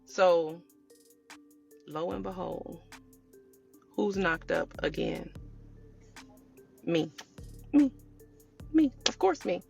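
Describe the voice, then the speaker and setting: A woman telling her viewers a personal story in a casual storytime way, animated and chatty, calling them y'all. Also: fairly low pitch, extremely slow, creaky, long pauses, faint music behind. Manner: animated, addresses viewers as y'all, acts out quotes. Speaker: storytelling vlogger.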